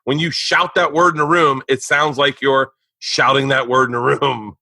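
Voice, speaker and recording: A man hosting a podcast, telling a long story to friends, animated, laughing and swearing often. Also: medium pitch, normal speed, vocal fry, no room sound. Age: young adult. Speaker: podcast host.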